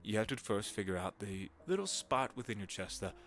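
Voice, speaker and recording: A man, a voice actor, chatting casually on a home livestream with a gravelly vocal fry, giggling and wandering between topics. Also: lowish voice, big pitch swings, a little fast, fairly bright tone, faint music behind. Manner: chatty, giggly, drifts into voice demos. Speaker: voice actor streaming.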